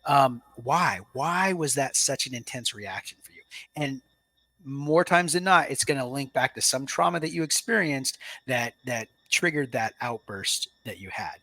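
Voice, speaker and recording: A man in his thirties speaks earnestly and reflectively as a podcast guest, recounting a personal turning point and then coaching listeners directly. His voice is bright and forward, recorded close and dry with no room around it. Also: medium pitch, no echo. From Washington state, US. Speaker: podcast guest, Marine veteran. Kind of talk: casual interview storytelling.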